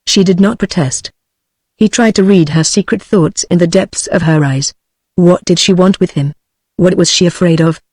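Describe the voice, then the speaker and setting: A synthetic British woman's voice narrating an audiobook in an even, measured way. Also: fairly low pitch, slightly rough, dry recording. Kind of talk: text-to-speech book reading.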